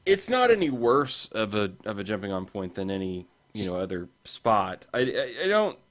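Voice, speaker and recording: A man's voice: fairly low pitch, sing-song, normal speed, a bit bright. Hesitant man chatting on a podcast. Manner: hesitant, lots of fillers and restarts. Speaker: podcast co-host, comics reviewer. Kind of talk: casual podcast chat.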